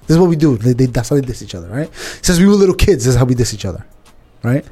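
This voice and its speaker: A man's voice: mid-range voice, sing-song, racing, warm tone, breathy edge. A man in casual podcast chat, rambling with many restarts and fillers, calling people "bro". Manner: calls listener "bro".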